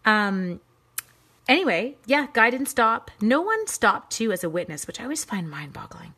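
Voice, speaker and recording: A woman's voice: fairly high pitch, big pitch swings, moderate pace, sharp tone, slightly rough. A middle-aged woman hosting a home card-making livestream, chatting casually and greeting viewers by name as she works. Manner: chatty, talks to viewers by name while crafting. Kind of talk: casual craft livestream chat.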